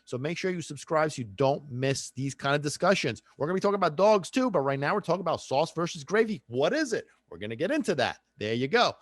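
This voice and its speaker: A man's voice: fairly high pitch, animated, fast, few pauses, no room sound. A man hosting his own podcast, ranting casually and playfully, now and then dropping Italian phrases into his talk. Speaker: podcast host. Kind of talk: casual solo podcast rant.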